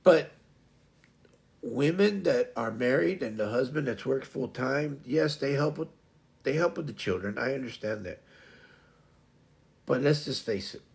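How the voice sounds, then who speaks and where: A man's voice: mid-range voice, expressive, measured pace, gravelly, long pauses. A man hosting a casual livestream chat, rambling and restarting his sentences often. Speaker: livestream host.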